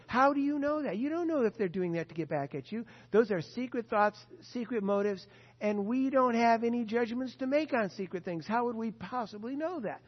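A man's voice: extremely high pitch, lively intonation, a little fast. A man preaching a sermon, earnest and emphatic, repeating his key points. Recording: dull lo-fi sound with long hall reverb.

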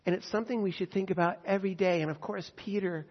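A man preaching a sermon, earnest and emphatic, slowing down on key phrases. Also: high voice, slightly rough. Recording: dull sound with long hall reverb.

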